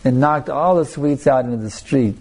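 A man's voice: mid-range voice, moderate pace, a little mellow. A male spiritual teacher giving a sermon and telling a story, talking conversationally with frequent restarts and asides to his listeners. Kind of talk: anecdotal sermon.

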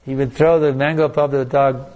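A man's voice: mid-range voice, fairly even intonation, brisk, phone-quality sound. Man telling a story at a Q&A. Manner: storytelling with frequent restarts and laughs. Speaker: spiritual teacher. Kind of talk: answering audience questions.

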